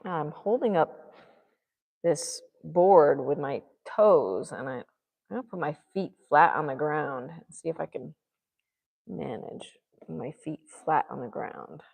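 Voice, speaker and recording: A woman's voice: low voice, lively intonation, slow, gravelly, long reverb tail, narrow, tinny audio. A woman artist vlogging as she paints, musing and muttering to herself and encouraging herself along. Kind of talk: thinking aloud while painting.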